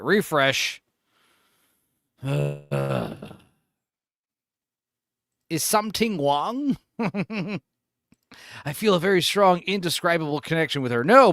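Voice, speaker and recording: Streamer guy chatting, slow, swears a lot, lively up and down voice, dry. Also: fairly high pitch, no room sound. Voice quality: swearing, easily frustrated. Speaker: streamer host. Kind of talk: casual reaction chat.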